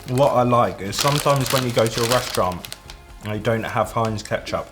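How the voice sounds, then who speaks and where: A woman's voice: a bass voice, moderate pace, over music. A young British woman co-hosting a casual taste-test chat with a dry, joking manner. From United Kingdom. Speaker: co-host.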